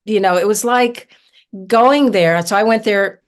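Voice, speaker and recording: A woman from southern Ohio tells stories as a podcast guest. She talks in an animated, chatty way, with lots of fillers and asides, at a middle pitch. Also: a little slow. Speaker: herbalist guest. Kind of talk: casual storytelling interview.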